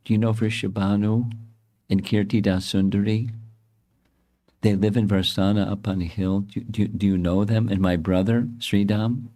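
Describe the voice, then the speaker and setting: A man's voice: on the low side, level tone, moderate pace, dark tone, close to an everyday voice. A man voicing a homesick young goddess. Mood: eager, pleading. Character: young homesick married goddess, tearful, longing for her parents.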